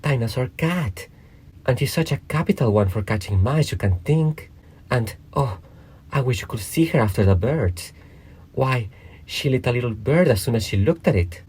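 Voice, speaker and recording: A polite, anxious little girl from a storybook, eager and apologetic, with a lifted, light voice, as a man reading aloud puts her on. The tone stays slightly husky underneath. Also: mid-range voice, expressive, normal speed, warm tone, voice pushed up.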